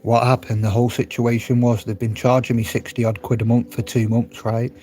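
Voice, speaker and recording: A man live-streams from his phone at home, chatting and laughing with viewers as he reads their comments and talks straight to the people in the chat. His mid-range voice has a darkish tone and a flat, brisk delivery.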